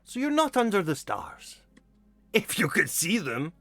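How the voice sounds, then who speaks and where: A man's voice: high voice, huge pitch swings, unhurried, sharp tone, no room sound, voice pushed up, exaggerated voice. A man voicing a friendly, eager nomad man who stammers and repeats himself.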